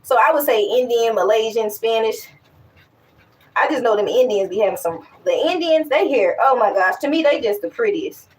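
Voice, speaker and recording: A young woman talking casually and candidly to her viewers, animated and rambling, with frequent restarts. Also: fairly high pitch, normal speed, recorded from a distance, rough recording. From West Africa. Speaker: vlogger. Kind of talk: casual chat to camera.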